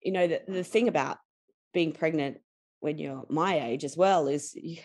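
A woman's voice: low voice, normal speed, a little mellow. A woman in her forties with an Australian accent, a podcast guest telling personal stories candidly, laughing often and acting out quotes. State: tired.

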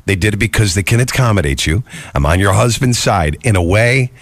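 A man's voice: fairly low pitch, animated, brisk, no room sound. A man in casual chat giving blunt, opinionated advice.

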